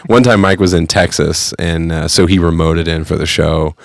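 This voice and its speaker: A man's voice: low voice, steady tone, normal speed, no room sound. A man co-hosting a podcast in a studio, chatting casually and laughing often. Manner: laughs often, easygoing banter. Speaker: podcast co-host. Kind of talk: casual chat.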